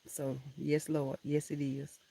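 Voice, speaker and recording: A woman's voice: sits low, little pitch movement, takes it slowly, vocal fry, dark tone. A woman hosting a casual live stream from a room at home, chatting affectionately with viewers and laughing often. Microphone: laptop camera mic.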